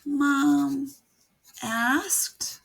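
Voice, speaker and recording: A woman writing teacher models revising a story by thinking aloud, reading lines from the draft with animation. Her voice sits high and is creaky, and she speaks very slowly.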